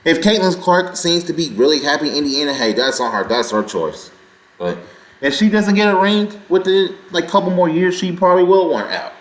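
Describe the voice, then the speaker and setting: A man with a high voice hosts a sports reaction vlog and rants in an excitable, rambling way. His pitch swings widely as he talks, and the room around him is echoey. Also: normal speed. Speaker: sports channel host.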